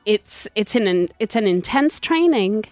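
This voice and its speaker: A woman guest chatting casually, frank and measured in her remarks. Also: mid-range voice, animated, darkish tone, no echo, soft background music. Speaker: guest, former trainer. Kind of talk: casual chat.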